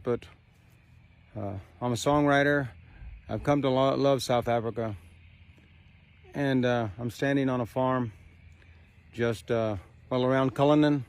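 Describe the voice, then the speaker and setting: A man's voice: fairly high pitch, no echo. A man from Texas, giving an angry, rhetorical speech outdoors and swearing as he presses his point. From Houston, Texas, USA. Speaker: songwriter. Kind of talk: impassioned speech to camera. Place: outdoors on a farm.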